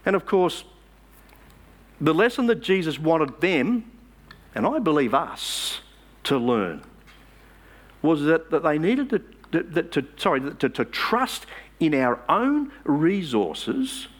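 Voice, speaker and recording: A man's voice: a little high, very animated, slow, long pauses. A man preaching a sermon in church, emphatic and asking the congregation rhetorical questions.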